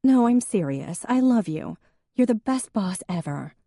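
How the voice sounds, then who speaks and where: Female deputy, earnest and impulsive, voiced higher by a woman reading an audiobook, mellow and dry. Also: a little slow, no room sound. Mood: sheepish, warm. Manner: emotional, impulsive outbursts. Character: female small-town deputy, self-doubting and earnest.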